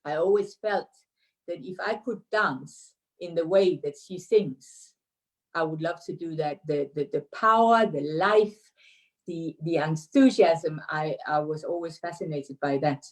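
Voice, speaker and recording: Low-voiced Danish woman with many pauses. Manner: hesitant, many fillers and restarts. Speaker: interview guest, dance teacher. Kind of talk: casual remote interview. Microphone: video call.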